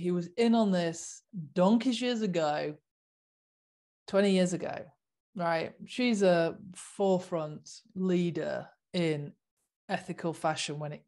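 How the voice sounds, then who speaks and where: A woman vlogger giving an impassioned, casual monologue, earnest and repetitive, full of rhetorical questions. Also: lowish voice.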